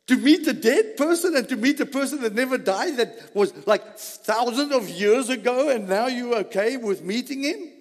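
A man preaching a sermon in a high, swooping voice that climbs and drops freely. He takes his time and fires rhetorical questions at the listeners. His words ring out with the long reverb of a large hall. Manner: animated, rhetorical questions to the congregation.

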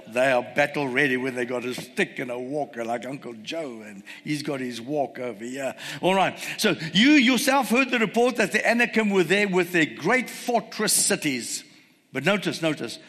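Male preacher, high bright voice, emphatic sermon delivery with rhetorical questions; reverberant church hall. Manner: emphatic, rhetorical questions, slows words for stress.

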